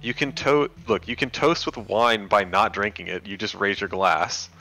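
A man's voice: lowish voice, normal speed, sharp tone, soft background music. A man streaming a game, chatting casually and bluntly, swearing now and then. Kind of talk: casual chat while playing.

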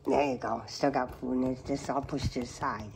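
A woman's voice: extremely low pitch, fairly even intonation, brisk, gravelly, darkish tone, a little hiss or hum. A woman filming her cats at home, cooing sing-song baby talk to them and sometimes dropping to a whisper. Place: home indoors.

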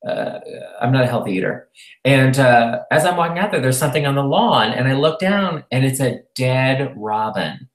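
A man's voice: mid-range voice, expressive, normal speed. A man co-hosting a casual talk show, chatting and rambling with lots of fillers. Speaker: podcast co-host. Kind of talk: casual chat. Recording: roomy echo.

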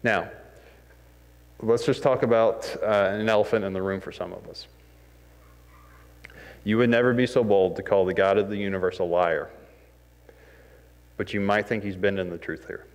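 A man's voice: fairly low pitch, steady tone, normal speed, pauses often. A man preaching a sermon in a conversational, self-deprecating way, acting out the scenes he describes. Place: church sanctuary. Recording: long hall reverb.

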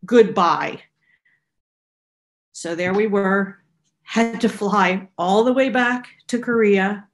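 A woman's voice: medium pitch, takes it slowly. A middle-aged woman, a researcher, casually telling a personal anecdote with small restarts. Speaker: researcher being interviewed.

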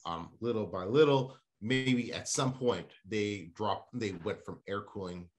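A man hosting a casual car podcast, talking in an animated, ranting way. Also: lowish voice, measured pace, faint music behind.

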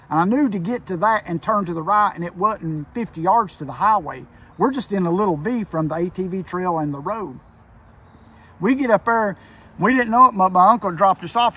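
A man's voice: high-pitched, a bit bright, slightly rough, recorded from a distance. A man telling a frightening hunting story in rural dialect, tense and emphatic, heard over a phone call. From Kentucky. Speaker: hunter telling an encounter. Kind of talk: casual storytelling.

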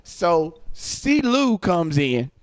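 Man, podcast host, high voice, swooping lively delivery, laughs a lot, casual storytelling. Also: drawn-out words, clean tone. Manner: animated, laughing often, acts out quotes. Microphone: podcast studio mic.

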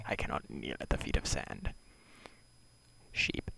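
A man talking to himself in deadpan, mock-solemn mutters and half-whispers while playing a video game. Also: very deep voice, normal speed, vocal fry, a little hiss or hum, low-quality recording. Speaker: gamer playing a block-building game.

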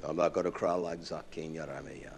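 A man preaching a sermon in a conversational way, swinging from hushed asides to loud bursts and asking his listeners questions he answers himself. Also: very deep voice, steady tone, brisk, vocal fry, a little hiss or hum. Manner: asks the congregation questions and answers them himself.

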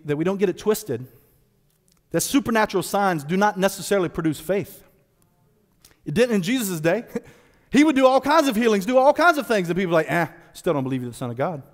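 A man preaching a sermon as pastor, animated and playful, slipping into casual voiced asides. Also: high-pitched, big-room sound. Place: church sanctuary.

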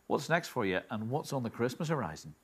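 A man's voice: mid-range voice, very animated, quick pace, husky. A man who presents a TV show and asks jovial, teasing questions. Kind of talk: broadcast interview.

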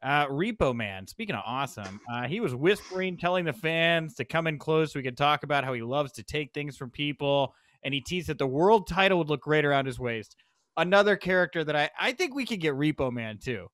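Chatty male podcast host, raised pitch. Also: a little fast, no room sound. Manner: lively recapping, excitable asides. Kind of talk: casual chat.

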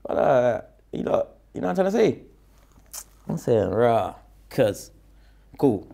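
A man with a South London accent talks through a story in an interview, full of slang and lively as he acts out the quoted lines. His voice is gravelly and sits at a middle pitch. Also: measured pace. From London, England. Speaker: rapper guest.

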